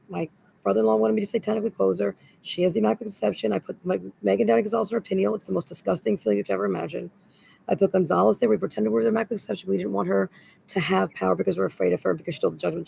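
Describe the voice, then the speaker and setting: A woman's voice: mid-range voice, creaky, mellow, a little hiss or hum, low-quality recording. A woman in a rambling, agitated spoken monologue that loops back on the same words.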